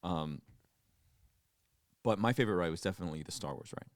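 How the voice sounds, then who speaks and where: A man's voice: low-pitched, animated, brisk, no room sound, clean studio sound. A young man co-hosting a podcast, chatting casually, laughing often and acting out quotes as he retells a trip. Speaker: podcast co-host. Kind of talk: casual chat.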